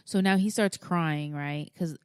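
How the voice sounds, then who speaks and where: A woman co-hosts a podcast, chatting casually as a mother, laughing often and animatedly acting out what her family members said. Her low voice is clear and resonant at a slightly slow pace, in a dry, studio-quality recording.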